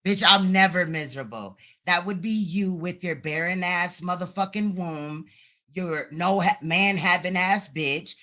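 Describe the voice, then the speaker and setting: A woman's voice: fairly low pitch, unhurried, sharp tone. A woman hosting a livestream, ranting with profane, insulting retorts. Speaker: live stream host. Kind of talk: heated reaction livestream.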